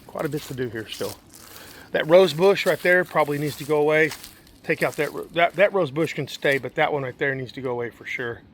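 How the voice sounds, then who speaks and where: Here a fairly bright, high-leaning male voice moves briskly through a property walkthrough. Starting outdoors around the house and yard and ending indoors, the manager matter-of-factly names the fixes that remain, casual inspection notes spoken aloud over faint background noise.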